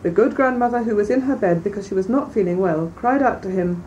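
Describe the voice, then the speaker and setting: Female reader-lecturer, measured and clear, mellow tone; mic set back, faint hiss behind. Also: medium pitch, animated, muffled recording. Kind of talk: storybook reading, then lecture commentary. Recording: distant mic, faint background noise.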